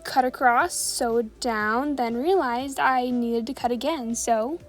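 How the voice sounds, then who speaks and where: A woman's voice: a little high, takes it slowly, soft background music. A woman narrating a sewing vlog in a chatty, self-deprecating, casual way. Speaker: sewing vlogger.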